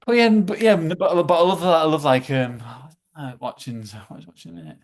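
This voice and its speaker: A man's voice: fairly high pitch, sing-song. A man chatting casually as a podcast guest, stumbling over his words and repeating himself as he goes. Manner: halting, repeats words, trails off.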